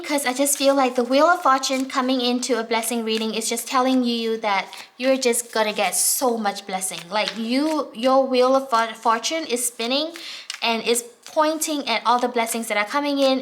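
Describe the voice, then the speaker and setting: A woman's voice: on the high side, a bit bright, a little hiss or hum. A woman giving a casual, enthusiastic tarot reading, chatty and full of fillers. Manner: chatty, many fillers such as "like" and "um"; enthusiastic and encouraging. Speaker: tarot reader.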